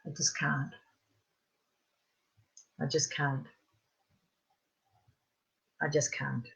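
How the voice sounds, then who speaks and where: Female practitioner leading guided tapping, a bright, clear tone, informal and gentle. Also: low voice, little pitch movement, extremely slow. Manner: gentle, repetitive guided statements for listeners to echo; chatty and informal, with frequent fillers.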